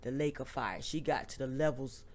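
A man's voice: mid-range voice, normal speed. A man in an earnest, casual faith conversation, retelling a vision story and acting out the pleas of the people in it.

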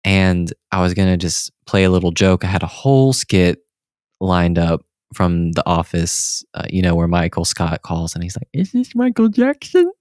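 Deep-voiced man telling a story. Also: moderate pace, clear, resonant tone, no room sound, clean studio sound. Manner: animated storyteller who acts out the people in his stories. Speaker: podcast co-host. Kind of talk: casual chat.

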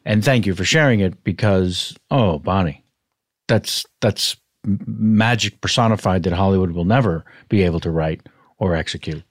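A man hosting a podcast interview, answering his guest with warm encouragement. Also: sits low, moderate pace, no echo, studio quality. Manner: warm, affirming listener. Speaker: host.

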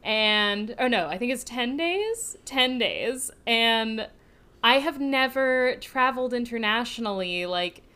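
A young woman co-hosting a podcast in loose, casual chat. Her voice is bright and smooth, sitting a little high. She talks fast and giggles a lot, often laughing at herself. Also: expressive. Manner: giggly, chatty, self-deprecating. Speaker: podcast co-host.

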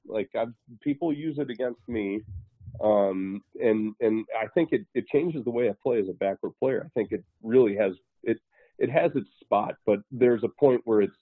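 A man's voice: medium pitch, breathy edge, no echo. A man co-hosting a podcast in casual chat, rambling through his stories. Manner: rambling, many fillers and restarts. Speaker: podcast co-host. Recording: tinny phone-like line, dry.

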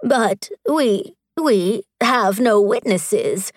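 A woman voicing a frightened male magistrate in an audiobook, halting and nervous. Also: mid-range voice, very animated, dry recording, clean studio sound. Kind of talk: audiobook character voice.

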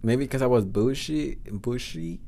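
Spanish-accented guy, casual storytelling, swears a lot, blunt and chatty, mid pitch. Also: expressive, measured pace, vocal fry, warm tone. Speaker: podcast host.

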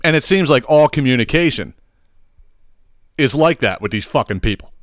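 Profane ranting man with a lively voice. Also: mid-range voice, normal speed, no room sound, clean studio sound. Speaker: podcast host. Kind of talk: comedic rant.

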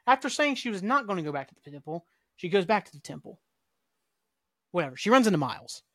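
A man's voice: sits high, big pitch swings, quick pace, pushed and bright, dry recording, clean studio sound. A man hosting a podcast, casually recapping a TV episode in a rambling way, with many fillers. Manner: rambling, filler-heavy storytelling. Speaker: podcast host.

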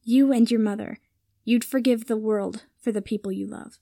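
Woman reading as a fierce protective girl, sharp tongue, kinda high, mellow dry voice. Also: fairly even intonation, moderate pace, creaky, no room sound. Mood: exasperated. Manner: cutting, forceful when angry.

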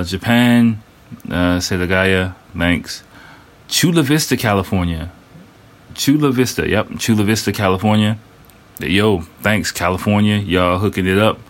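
A man in his thirties hosting a casual solo podcast, loose and rambling, full of fillers, restarts and slang. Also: sits low. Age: 30s. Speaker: podcast host.

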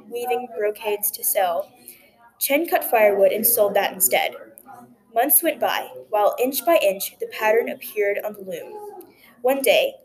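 A woman telling a folktale aloud in a gentle, expressive narrating voice. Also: a little high, rough recording. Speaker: storyteller. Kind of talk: folktale reading.

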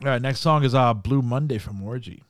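A man's voice: mid-range voice, a little fast, no echo, clean studio sound. A man hosting a casual music podcast, swearing, laughing and defending a band with enthusiasm. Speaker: podcast host picking the songs. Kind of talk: casual music-review banter.

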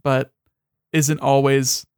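A man's voice: mid-range voice, flat delivery, slow, smooth, dry recording, studio quality. A young man in casual chat as a podcast co-host, rambling and swearing freely, with many restarts.

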